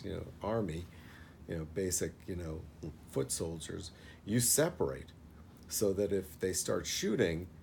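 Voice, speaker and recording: Deep, gravelly man retelling casually. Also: mellow, slight background noise. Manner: rambling, with many fillers. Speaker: film reviewer.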